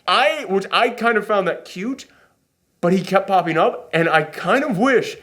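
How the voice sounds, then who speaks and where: A man with a slightly high voice talks through a movie in a loose, rambling way. He pokes fun at himself and has a runny nose. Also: animated, moderate pace, a bit bright. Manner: rambling, self-deprecating, acts out quotes in silly voices. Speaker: movie reaction host. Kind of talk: casual movie review chat.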